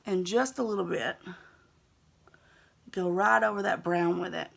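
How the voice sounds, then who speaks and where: A woman's voice: lowish voice, unhurried, creaky. A young woman with a Southern US accent, chatting easygoing and self-teasing as she narrates a makeup tutorial. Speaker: beauty vlogger.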